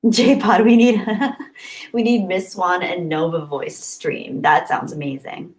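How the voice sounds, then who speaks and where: A woman's voice: on the low side, expressive, slow pace, low-quality recording. A woman hosting a casual live stream, reading viewer comments aloud and chatting back, laughing often and sometimes dropping to near whispers.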